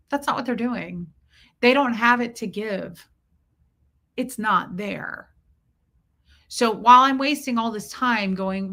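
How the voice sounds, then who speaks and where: A woman's voice: on the high side, slow pace, long pauses, pushed and bright. A woman in her forties hosting a casual livestream, rambling and thanking viewers by name as she talks. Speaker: livestream host.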